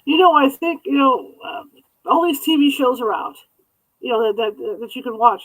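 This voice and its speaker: A man's voice: extremely high pitch, moderate pace, fairly bright tone, rough recording. A man hosting an interview, a ghost hunter, who stammers and repeats words. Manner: stammering, repeating words, with frequent short affirmations. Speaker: podcast host and ghost hunter. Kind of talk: casual interview.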